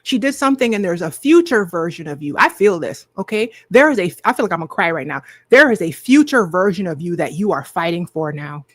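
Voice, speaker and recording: A woman's voice: on the low side, expressive, brisk, hardly any pauses, no echo. A woman in her forties hosting a live healing session, talking casually and emphatically to viewers and repeating key phrases.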